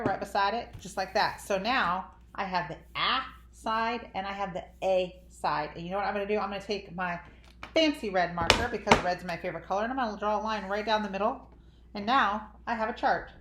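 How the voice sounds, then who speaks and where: A woman teaching young children a phonics lesson in an animated, drawn-out sing-song teacher voice. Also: mid-range voice, slight background noise. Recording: echoey room.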